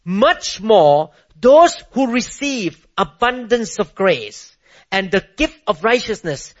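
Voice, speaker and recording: A man with a high voice preaches with heavy emphasis, firing rhetorical questions and spelling key words out letter by letter. The sermon comes through a muffled, low-fidelity recording. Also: very animated, slow. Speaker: pastor.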